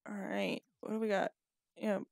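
A woman's voice: mid-range voice, flat delivery, moderate pace, vocal fry, darkish tone, no room sound, clean studio sound. A woman giving casual gameplay commentary, chatty and scolding her characters, a little sniffly and yawning. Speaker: gaming video creator.

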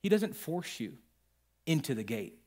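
A man preaching a sermon as pastor, telling stories with lively acted quotes to his congregation. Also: a little high, measured pace. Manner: animated storytelling with acted quotes. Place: church.

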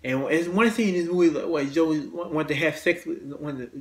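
Male host, fairly high voice, stumbling and repetitive delivery, blunt and profane. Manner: halting, many restarts and repeated words, blunt cursing. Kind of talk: casual movie rant.

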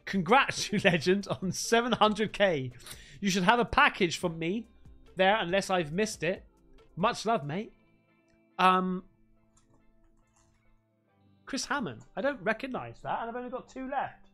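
Guy streamer, lively up-and-down delivery, excitable and sweary, faint music underneath. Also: sits high, unhurried, pauses often. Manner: excitable, sweary, calls everyone mate. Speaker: livestreamer. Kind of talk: live stream, thanking donors and unboxing gifts.

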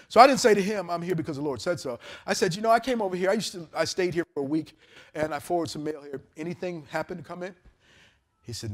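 A male pastor, preaching a storytelling sermon to his congregation. He tells the story with lively character voices and laughter. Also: sits high. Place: church service in a hotel venue. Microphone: handheld or lapel mic.

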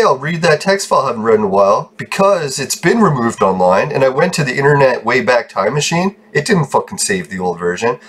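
A man's voice: medium pitch, a bit bright, slight background noise. A young man giving profane, frustrated commentary over his gameplay, breaking into laughs. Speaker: game video creator.

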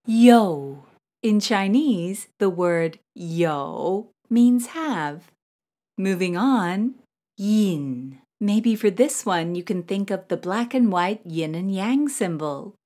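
A young woman giving a scripted pronunciation lesson, drawing out each model syllable slowly and carefully. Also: mid-range voice, lively intonation, mellow. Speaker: pronunciation teacher.

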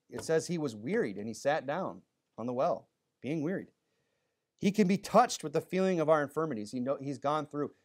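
A male pastor preaching a sermon, talking plainly to the congregation and raising his voice for Bible readings. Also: medium pitch.

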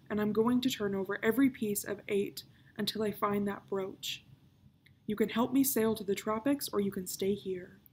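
A woman's voice: medium pitch, darkish tone, slight background noise, close to an everyday voice. A woman reading aloud, voicing a brooding, fatalistic male pirate captain of about thirty who talks in grim growls.

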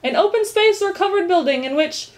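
A woman's voice: very high-pitched, animated, brisk, voice pushed up. A woman voicing a fussy male duke who recites dictionary definitions in a storybook reading. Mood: reciting.

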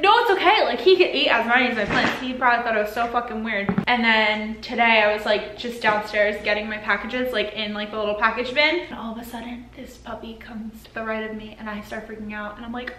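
A woman's voice: fairly high pitch, sharp tone. A young woman chatting casually to camera at home for her vlog, filling her talk with lots of "like". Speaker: lifestyle vlogger. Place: home, apartment. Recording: echoey room.

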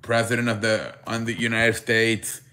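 A man hosts a loose live sports stream, greeting viewers by name and reading their chat aloud. His voice is bright and forward, sitting at an everyday middle pitch, and he keeps repeating "I beg your pardon" as a running joke. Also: little pitch movement, normal speed.

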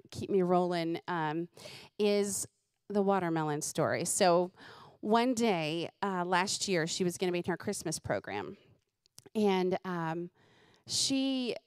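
A middle-aged woman, a comedian host telling lively, funny stories about her kids and laughing at them. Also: lowish voice, clear, resonant tone, dry recording, clean studio sound. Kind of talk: comedic storytelling.

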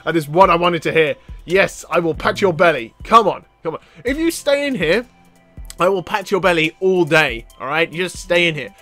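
A man commenting excitedly on a video game, often reading character lines aloud. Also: fairly high pitch, fairly quick, few pauses. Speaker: gaming YouTuber. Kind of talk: let's play commentary. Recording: faint background game music.

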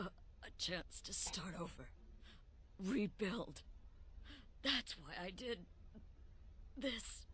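A remorseful assassin leader, a grown woman resigned to her fate. She speaks slowly and gravely, every line weighed, with a faint game ambience under her. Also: medium pitch, fairly bright tone, slight background noise, full character voice.

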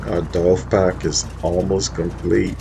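Low-voiced man, laid-back gaming vlogger, speaks to his viewers over faint background noise. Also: flat delivery, slow, creaky. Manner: laid-back, slangy, talks straight to viewers. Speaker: roleplay gamer showing off his cars. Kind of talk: casual gaming vlog commentary.

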